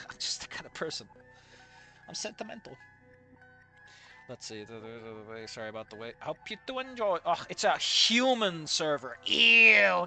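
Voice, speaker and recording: A sarcastic game commentator with a bright, sharp voice that swings widely in pitch while ridiculing a visual novel. Faint game music plays behind the talk. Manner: sarcastic, exasperated, laughs at the writing. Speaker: let's play commentator.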